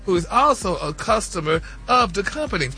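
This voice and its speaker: A man's voice: high-pitched, sing-song, a little fast, sharp tone, faint music behind. A man reporting celebrity news on a morning radio show in a sassy, gossipy way, calling listeners honey and y'all. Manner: sassy, peppers every phrase with "honey" and "y'all".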